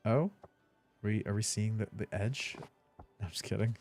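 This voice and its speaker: Young man, game streamer, chatty, swears, animated pitch, dry sound, faint music. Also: normal speed, pauses often, no echo. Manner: chatty, laughs easily, swears casually. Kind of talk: casual let's-play commentary.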